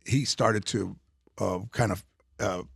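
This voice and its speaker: A comedian being interviewed, telling rambling stories full of restarts and fillers. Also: male voice, on the low side, steady tone, slow, vocal fry, a bit bright, slightly rough, dry recording, clean studio sound. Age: older. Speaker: comedian guest. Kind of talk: casual interview storytelling.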